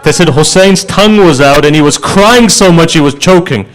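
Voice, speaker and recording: Man, preacher, sermon storytelling, emotional, higher-pitched, animated to hushed. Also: normal speed. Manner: emotional, shifts from animated to hushed grieving tones.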